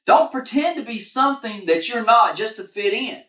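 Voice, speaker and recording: A woman's voice: on the high side, lively intonation, normal speed, fairly bright tone. A woman leading a children's church lesson, upbeat and encouraging, talking straight to the kids. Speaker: kids ministry leader. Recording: echoey room.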